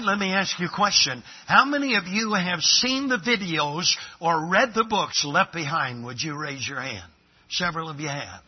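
A husky, fairly high-voiced man preaching a revival sermon. He tells stories, dropping to a hush and then rising to emphatic lines. The recording sounds dull and lo-fi. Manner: storytelling, swinging between hushed and emphatic.

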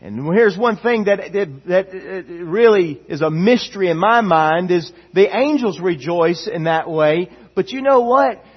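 A male pastor delivers an impassioned sermon in a high, somewhat husky voice. He takes his time and builds emphasis by repeating phrases. The recording sounds dull and lo-fi. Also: expressive, unhurried, few pauses.

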